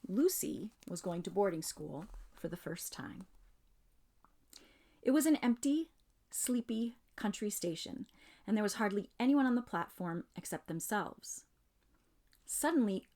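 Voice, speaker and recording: Female reader, mid pitch, measured storybook read-aloud. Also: lively intonation, a little mellow.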